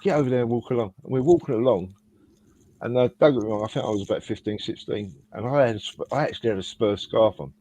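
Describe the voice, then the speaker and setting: A man's voice: lowish voice, fast talker, dark tone. A man on a fan podcast panel, telling a rambling story in casual chat with frequent restarts. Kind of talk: casual anecdote. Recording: dull lo-fi sound.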